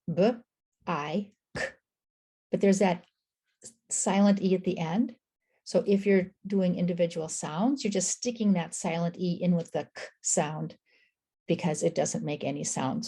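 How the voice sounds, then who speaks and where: A woman teaching early reading, encouraging, slowly sounding out words sound by sound. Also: fairly low pitch, creaky, dark tone, husky. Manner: encouraging, affirms with "I agree" and "excellent". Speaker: reading tutor. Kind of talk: instructional explanation.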